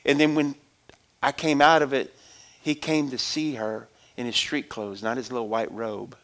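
A middle-aged man preaching a personal testimony as a sermon, conversational, swinging from loud exhortation to hushed storytelling. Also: mid-range voice, flat delivery, normal speed.

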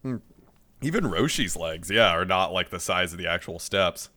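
A man's voice: low-pitched, animated, normal speed, pushed and bright. A man in casual podcast chat, recapping an anime episode, laughing often, swearing and acting out the characters' lines.

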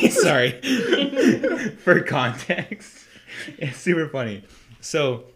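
A man co-hosting a podcast, telling a story in a casual, animated way and laughing often. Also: on the high side, extremely slow. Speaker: podcast co-host. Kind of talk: casual chat.

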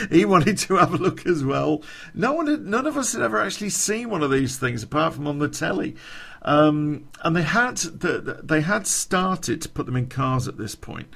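A man's voice: a little high, vocal fry, a bit bright. A man telling a rambling podcast anecdote, chuckling and swearing as he goes. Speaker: podcast storyteller.

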